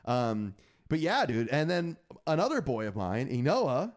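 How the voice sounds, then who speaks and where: A man co-hosting a casual sports podcast, animated and teasing, laughing often. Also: medium pitch, a little slow. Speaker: podcast co-host.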